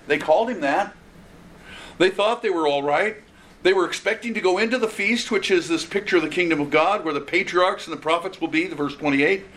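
A man preaching an expository sermon in an earnest, conversational way. He restarts phrases as he goes. His voice sits a bit high for a man, and a faint hiss runs underneath. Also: a bit bright.

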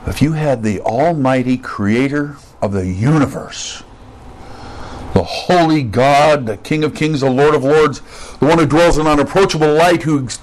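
A male pastor delivers a sermon in a slightly raised voice. He teaches conversationally, breaking off for asides and questions to the congregation. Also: on the high side.

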